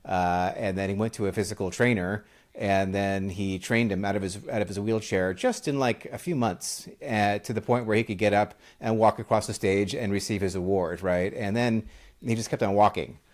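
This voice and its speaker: Low-voiced man hosting, rambling casually. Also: fairly even intonation, moderate pace, a little mellow. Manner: loose and rambling, full of "like" and "you know". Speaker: podcast host. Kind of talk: casual interview chat.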